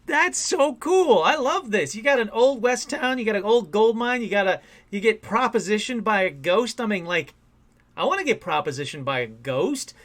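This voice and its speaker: An enthusiastic podcast host takes listener calls and reacts with loud surprise. He talks in a casual, excitable way. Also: high voice, normal speed. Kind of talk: casual call-in show chat.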